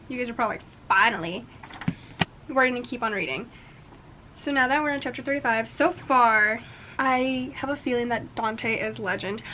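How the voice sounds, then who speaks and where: A young woman chatting casually in a reading vlog, excitable, gasping and swearing as she reacts. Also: a little high, a little hiss or hum. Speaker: book vlogger.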